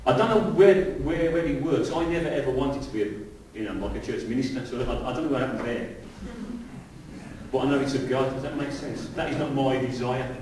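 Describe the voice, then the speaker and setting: Brisk and a little mellow at medium pitch, a middle-aged pastor speaks conversationally to his congregation, throwing out rhetorical questions. The church hall is very reverberant, the mic is distant, and faint hiss can be heard.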